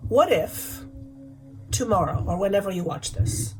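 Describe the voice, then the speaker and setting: A woman's voice: mid-range voice, expressive, unhurried, a little mellow, rough recording. Woman, spiritual healer voice, talks over faint music, repeats questions for emphasis. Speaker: channeler and energy healer. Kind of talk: spiritual guidance talk.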